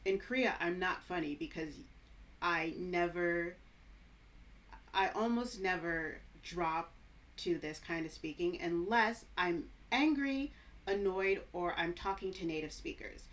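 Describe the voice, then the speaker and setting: A woman with a lowish voice talks slowly and unhurriedly, reacting to old footage in a vlog. Her humor is flat and sarcastic, delivered with a dry, deadpan tone. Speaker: English teacher reacting to her old video. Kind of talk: casual vlog commentary.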